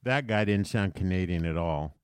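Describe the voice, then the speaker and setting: A man co-hosting a comedy radio show, teasing and sarcastic with deadpan jabs. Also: sits low, normal speed. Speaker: radio co-host. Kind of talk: casual comedic radio banter.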